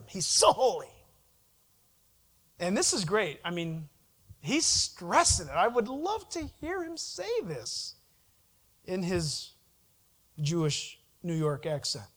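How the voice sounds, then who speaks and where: High-voiced preacher asking the crowd questions. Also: male voice, measured pace. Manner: animated preaching, asks the congregation questions and answers them. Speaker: pastor. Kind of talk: sermon.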